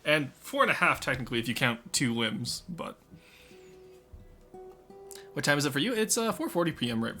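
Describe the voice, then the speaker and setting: A man's voice: on the high side, very animated, moderate pace, long pauses, pushed and bright, faint music behind. Chatty man streaming a game. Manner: chatty, joking, talks to chat. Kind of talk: casual live game commentary.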